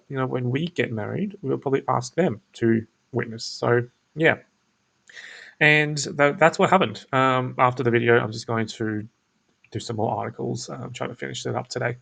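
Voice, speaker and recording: Laid-back man with a gravelly voice. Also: medium pitch, fairly bright tone. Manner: laid-back, talks in restarts and fillers. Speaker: SEO business owner and show host. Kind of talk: casual screen-share walkthrough.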